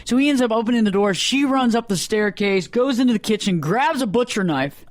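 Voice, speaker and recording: High-voiced man telling a wild story. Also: brisk, no echo. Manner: animated, acts out voices in anecdotes. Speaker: radio talk show host. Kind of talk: casual storytelling chat.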